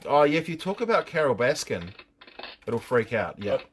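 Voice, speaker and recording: A man's voice: medium pitch, sing-song, brisk, a little hiss or hum. A middle-aged man with a New Zealand accent hosting a casual live stream, joking, swearing and reading out viewers' names.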